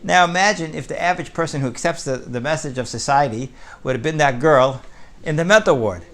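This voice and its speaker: A man's voice: fairly high pitch, fairly quick, a bit bright. A man giving a conversational Torah class, often checking with his listeners by asking "right?". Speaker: Torah teacher.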